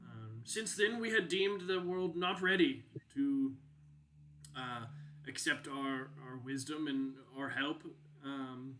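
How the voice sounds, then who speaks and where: A man narrating as game master, explaining at length in a measured way. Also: mid-range voice, sharp tone, slight background noise, poor audio.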